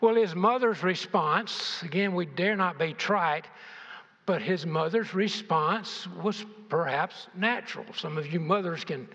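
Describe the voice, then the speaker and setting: A man's voice: high voice, a little slow, a bit bright. An older man preaching a sermon, asking his congregation rhetorical questions and shifting his emphasis. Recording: dull, echoey church hall.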